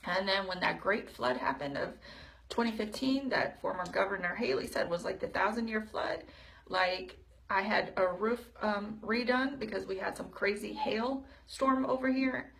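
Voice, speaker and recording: A woman, talking through her thoughts in a personal video diary, halting and full of fillers and restarts. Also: medium pitch, gravelly, a bit bright, a little hiss or hum. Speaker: video diarist. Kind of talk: personal reflective talk.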